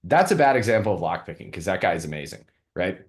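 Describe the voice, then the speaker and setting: A man's voice: sits low, very animated, fast talker. A man co-hosting a casual business show, telling stories in a laid-back way and swearing now and then. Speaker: co-host.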